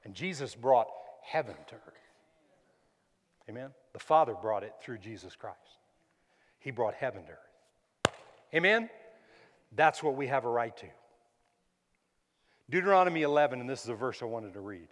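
A man preaching a sermon as pastor, calling out "Amen?" and rising to sudden loud, emphatic peaks. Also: medium pitch, lively intonation, moderate pace, long pauses, long reverb tail.

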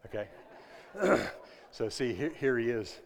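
A man preaching a sermon to his congregation, swinging between loud emphatic lines and hushed ones and asking them questions. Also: medium pitch, sing-song, slow pace, vocal fry. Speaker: pastor. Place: church sanctuary. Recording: long reverb of a large hall.

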